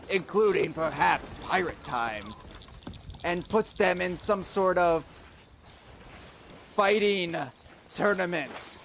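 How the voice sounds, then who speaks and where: A man's voice: high voice, fairly bright tone, a little hiss or hum. Stammering, jokey man with a raised voice. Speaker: podcast host. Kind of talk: improvised comedy banter in a pirate persona.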